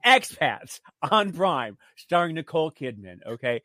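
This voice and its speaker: A man co-hosting a radio talk show, chatting and recapping a TV series in an animated way, often stammering and restarting. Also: a little slow, no room sound, studio quality. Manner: animated, acts out dialogue in shrill voices when retelling scenes. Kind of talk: casual chat reviewing a TV series.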